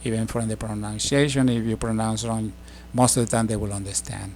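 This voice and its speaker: A middle-aged man giving a casual spoken language lesson, explaining slowly with many fillers and restarts. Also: lowish voice, fairly even intonation, darkish tone, a little hiss or hum. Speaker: language teacher.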